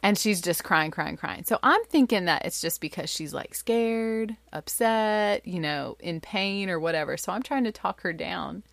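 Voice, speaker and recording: A woman in her thirties, a mother, telling a family story in an animated, chatty way with lots of fillers. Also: fairly low pitch, normal speed, vocal fry, hardly any pauses, dry recording. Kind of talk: casual storytelling.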